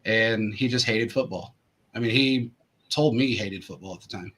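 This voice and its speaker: Male host, casual storyteller, bright and raspy, meanders through anecdotes with lots of restarts. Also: on the low side, moderate pace. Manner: rambling anecdotes full of restarts and fillers. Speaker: show host.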